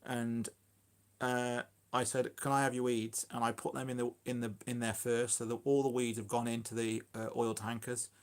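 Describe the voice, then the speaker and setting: A man's voice: medium pitch, level tone, normal speed. A man chatting casually on a phone live stream about his allotment, rambling and self-deprecating. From Shropshire, England.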